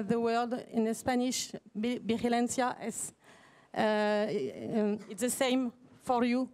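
A woman's voice: on the high side, a little mellow. Hesitant French-accented woman presenting. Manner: hesitant, many fillers and restarts, apologetic. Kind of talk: conference presentation.

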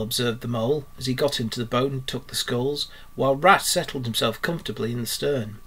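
Male teacher narrating a children's classic for pupils; steady, clear, mid-range voice. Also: medium pitch, fairly quick, hardly any pauses. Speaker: primary school teacher. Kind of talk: reading a storybook aloud to children.

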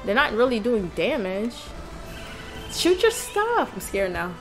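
A woman giving excitable let's play commentary as host of a gaming channel, with loud outbursts and swearing. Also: fairly high pitch, a little slow, soft background music.

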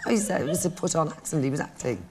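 A woman's voice: low voice, animated, rapid-fire, crowd noise. A middle-aged woman appearing as a guest on a chat show and telling a chatty anecdote with giggles. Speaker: guest actress.

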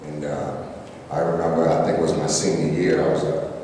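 A middle-aged man giving an emotional, halting hall of fame acceptance speech, full of fillers and jokes. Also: rumbling low, little pitch movement, mellow, slight background noise. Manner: halting, many fillers and restarts, joking. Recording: echoey hall, distant mic, faint ambience.

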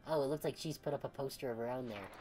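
Low-voiced playful woman game streamer. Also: racing, warm tone, faint music behind. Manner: playful, joking, laughs often. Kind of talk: casual let's-play commentary.

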